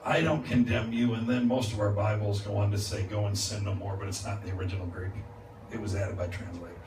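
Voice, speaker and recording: A man preaching a revival sermon as a guest speaker, moving from calm teaching to loud, laughing exclamations. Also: fairly low pitch, quick pace. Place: church sanctuary. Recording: echoey church, distant mic, noisy. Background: congregation responding.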